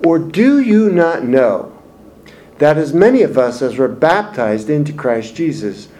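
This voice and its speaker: A man's voice: a little high, big pitch swings, measured pace, warm tone. A man teaching through a Bible passage in an expository sermon, speaking in an emphatic, explanatory way. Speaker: preacher.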